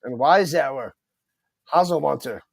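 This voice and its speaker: High-voiced excited play-by-play man. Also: takes it slowly, gravelly, no echo. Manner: excited commentary, chats with viewers, stumbles over names. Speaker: play-by-play streamer. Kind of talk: live play-by-play commentary.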